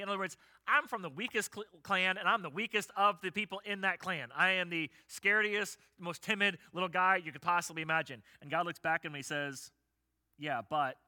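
A middle-aged man preaching a sermon, telling stories in an animated, conversational way. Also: fairly high pitch, fairly quick. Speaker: pastor.

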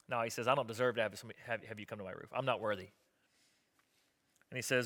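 A man's voice: medium pitch, fast, pauses often, bright, forceful tone. A man, a pastor, preaching a sermon in a conversational, joking way, acting out the voices of people in the story.

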